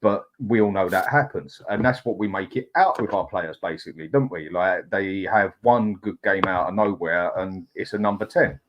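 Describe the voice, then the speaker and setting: Measured man, lower voice. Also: lo-fi sound. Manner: measured, reasoning, chatty. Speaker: host. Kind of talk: casual debate chat.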